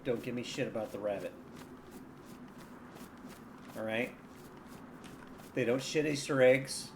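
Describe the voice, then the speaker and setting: A man's voice: mid-range voice, takes it slowly, a little hiss or hum. A man streaming a survival game, chatting casually with viewers in a wry, profane, often muttered way. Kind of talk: casual gameplay commentary.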